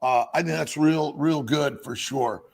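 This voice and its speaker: A man's voice: fairly high pitch, unhurried, creaky. A man chatting on a live show, rambling and full of uhs. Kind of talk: casual live-show chat.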